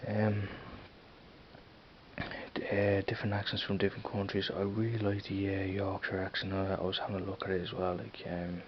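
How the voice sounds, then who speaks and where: Dublin guy rambling on cam, deep flat voice, lots of uhs. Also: moderate pace. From Ireland. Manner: hesitant, rambling, many fillers and restarts. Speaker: vlogger. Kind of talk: casual rambling vlog. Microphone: camera mic. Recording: dull lo-fi camera audio with faint hiss.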